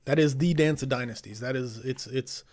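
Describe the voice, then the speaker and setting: A man co-hosting a casual gaming podcast, with a voice of middling pitch. He explains things at length and rambles, filling his talk with ums and restarts. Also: normal speed, darkish tone. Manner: rambling explanations, many fillers. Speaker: podcast co-host.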